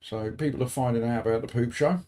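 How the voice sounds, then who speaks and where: A man's voice: medium pitch, fast talker, dark tone. A British man chatting casually with his live stream audience as a sim racing streamer, dropping dry joking asides.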